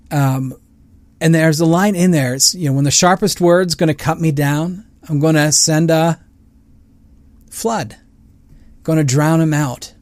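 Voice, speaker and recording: A man's voice: on the high side, darkish tone, no room sound. A young adult man hosting a family podcast, talking casually and chattily with plenty of fillers and self-deprecating asides. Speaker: podcast host and family counselor. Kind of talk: casual monologue.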